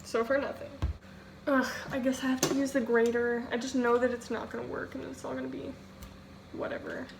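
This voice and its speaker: This young woman's high, creaky voice moves fairly quickly as she cooks and vlogs in her own kitchen. She rambles, teases herself, and leans on "like" constantly. Background noise stays steady throughout the home video.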